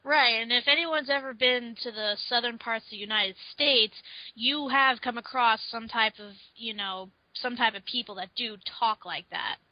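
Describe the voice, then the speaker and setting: A woman's voice: on the high side, normal speed, no room sound. Young woman, dry lo-fi recording. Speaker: podcast co-host. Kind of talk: casual film discussion. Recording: dry, dull lo-fi audio.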